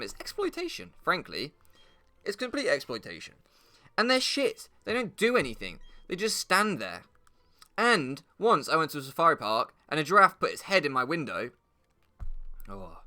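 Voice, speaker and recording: A man's voice: on the high side, pushed and bright. A man doing comedic, rambling commentary while he plays, swearing often and laughing at his own jokes. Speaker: gaming YouTuber.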